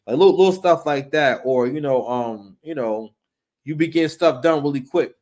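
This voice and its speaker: A man talking through a reality TV episode in an off-the-cuff, animated way, his voice sitting a touch high. He tosses in slang, stumbles over repeated words and slips into little acted-out bits of dialogue as he goes. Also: moderate pace. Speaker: reality TV commentator. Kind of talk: casual commentary.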